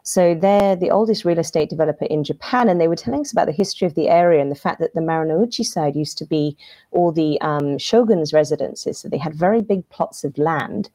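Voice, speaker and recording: A woman's voice: sits low, brisk, mellow, dry recording. A woman talking as a guest in a casual livestream discussion, thoughtful, with many fillers and restarts.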